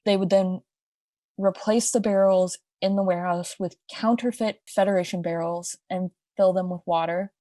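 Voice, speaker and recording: Casual podcast co-host: young woman, slightly low pitch, dry recording, rambling asides. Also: steady tone, moderate pace, mellow, no echo. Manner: chatty, explains with asides and restarts. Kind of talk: casual storytelling chat.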